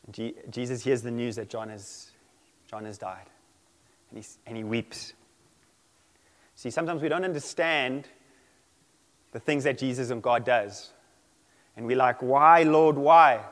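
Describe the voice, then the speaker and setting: A man preaching a sermon in an animated way, acting out quoted voices and laughing often. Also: medium pitch. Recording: long hall reverb.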